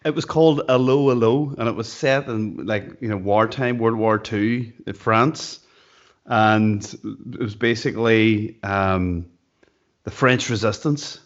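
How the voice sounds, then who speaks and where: A man's voice: fairly low pitch, a little slow. A man tells stories and cracks jokes as a podcast guest. His voice comes through slightly dull, with the top end rolled off. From Derry, Northern Ireland. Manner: laddish, jokey storytelling. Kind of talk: casual chat.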